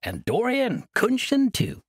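A man's voice: very high-pitched, huge pitch swings, slow pace, husky, no room sound, clean studio sound, voice pushed up, full character voice. A man voicing an eccentric, childlike old monk who speaks grandly and playfully in an audiobook. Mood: whimsical. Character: eccentric ancient male monk, childlike and mischievous.

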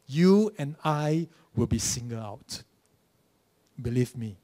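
A man's voice: mid-range voice, animated, slow pace, warm tone. A man with a Malaysian English accent preaching a sermon in church, telling stories and acting out mocking voices before a direct challenge. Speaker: pastor.

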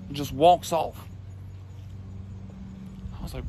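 A man telling a crude comic story in a brash, profane, excited way. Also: high voice, normal speed, slight background noise. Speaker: comedian.

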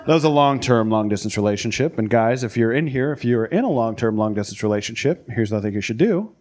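A man doing a crude, brash stand-up comedy set on a club stage, shouting out the voices he acts out. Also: mid-range voice, expressive, fast talker. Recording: live club recording, crowd laughter.

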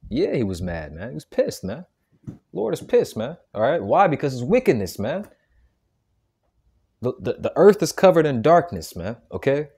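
A man's voice: on the high side, wildly swooping pitch, normal speed, creaky, darkish tone, husky. A man giving an informal sermon, emphatic and stammering, tagging nearly every phrase with "man" and "okay". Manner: stammering restarts, repeated words. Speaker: preacher.

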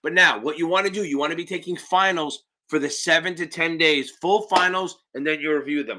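A man's voice: fairly high pitch, a little fast, hardly any pauses, noisy background. A man hosting a live-stream Q&A as an exam prep tutor, talking in a brash, profane and blunt way, with emphatic interjections.

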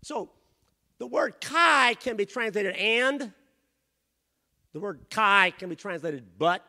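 A man preaching a sermon as pastor in a church, rising to shouted emphasis and dropping to quiet asides. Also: sits high, lively intonation, slow pace. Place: church sanctuary.

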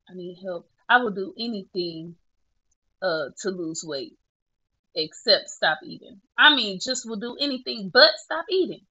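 Casual woman vlogger, bright tone, tearful laughs, lo-fi phone sound. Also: medium pitch, lively intonation, a little slow, slightly rough. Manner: chatty, self-mocking, laughing through tears. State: tearful at times. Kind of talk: casual selfie vlog.

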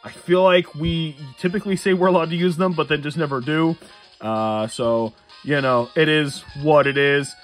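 A man's voice: a little high, steady tone, normal speed, soft background music. A man giving casual let's-play commentary late at night, tired, rambling and chuckling at his own jokes. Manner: rambling, self-amused, chuckles often. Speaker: gamer playing a Nuzlocke run.

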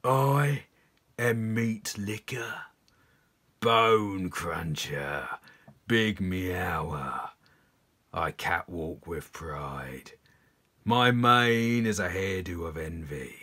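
A man voicing a proud, boastful male lion in a children's poem, speaking low, slow and half-whispered. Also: expressive, bright, forceful tone, breathy edge, full character voice.

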